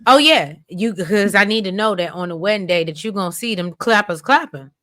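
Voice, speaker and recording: Bright, animated American woman recapping. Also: medium pitch, a little fast. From United States. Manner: animated, rambling, expressive storytelling. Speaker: podcast co-host. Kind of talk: casual recap chat.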